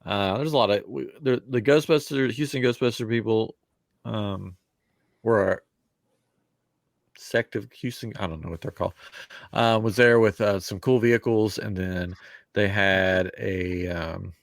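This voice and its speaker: A man's voice: fairly low pitch, unhurried, gravelly, no echo, studio quality. A man co-hosting a podcast in casual chat, telling stories and acting out what people said. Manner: animated storyteller, acts out quoted voices. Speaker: podcast co-host.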